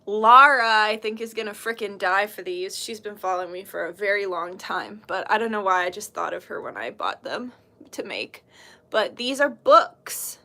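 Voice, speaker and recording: A woman's voice: mid-range voice, animated, normal speed, bright, forceful tone. A British woman hosting a casual livestream, chatting in a bubbly, giggly, gushing way. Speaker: livestream host showing handmade jewelry.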